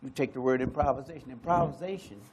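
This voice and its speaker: An American man on an arts panel, talking in a slow and musing way, repeating phrases and pausing often. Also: medium pitch, a crowd in the background. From United States. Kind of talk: slow reflective panel talk.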